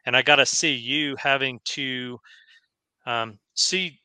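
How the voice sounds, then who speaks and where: A man hosts an interview and speaks with earnest care, filling his pauses as he searches for words. His voice is very bright and smooth, with a clear, ringing quality. The recording is dry and close. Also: mid-range voice, no echo. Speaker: host. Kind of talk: casual interview.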